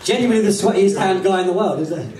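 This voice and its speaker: A man performs comedy magic live, talking fast in a fairly high voice and teasing his volunteers cheekily. He is picked up from across a large, echoing hall. An audience murmurs and laughs behind him. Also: distant mic, crowd noise. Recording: roomy hall, voice from afar, audience noise.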